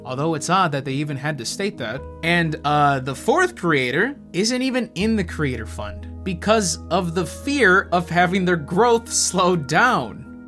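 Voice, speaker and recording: Casual, profane man, slightly high voice. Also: fairly bright tone. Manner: casual and profane, self-deprecating. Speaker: YouTube commentator. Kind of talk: video essay narration and casual outro chat.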